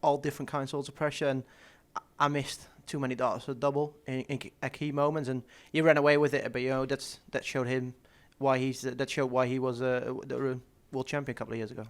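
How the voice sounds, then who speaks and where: A man's voice: medium pitch, flat delivery, fast, hardly any pauses. A young man, a professional darts player, answering interview questions casually, restarting words and laughing often. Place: stadium media day.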